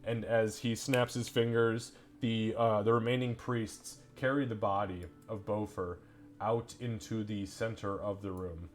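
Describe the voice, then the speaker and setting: A man's voice: on the low side, level tone, unhurried. A man narrating a tabletop game as game master, casual and swearing.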